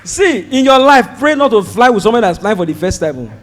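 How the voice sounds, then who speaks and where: Nigerian male stand-up comic, high and very expressive voice, storytelling delivery. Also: a little fast, in a large hall. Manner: animated, shouts and mimics voices while telling the story. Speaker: stand-up comedian.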